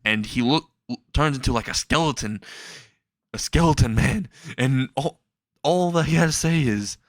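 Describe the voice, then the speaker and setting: A man's voice: mid-range voice, lively intonation, normal speed, no echo. A man casually narrating a made-up fan story, rambling with restarts and small chuckles.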